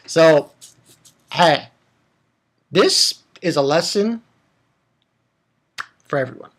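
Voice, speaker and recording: A man hosting a casual manga review vlog. He laughs often and swings between loud outbursts and mumbled asides. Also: on the high side, expressive, slow, long pauses. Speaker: manga reviewer, channel host.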